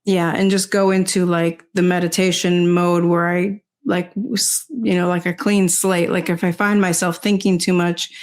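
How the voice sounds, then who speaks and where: An older woman talking as an interview guest, rambling casually with many "you know"s and soft laughs. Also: lowish voice. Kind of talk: casual conversation.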